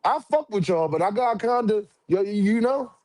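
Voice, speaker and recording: A man's voice: sits high, lively intonation, normal speed, darkish tone, dry recording. A man hosting a boxing livestream, talking in loose, profane, repetitive slang. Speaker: boxing commentary streamer. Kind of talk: casual livestream chat.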